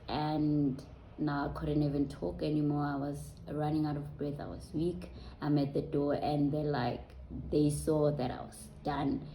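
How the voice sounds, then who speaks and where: A woman vlogs a personal story in a low, mellow voice. She talks slowly and casually, trailing off with soft ums. The sound has a roomy echo. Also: slight background noise. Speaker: vlogger.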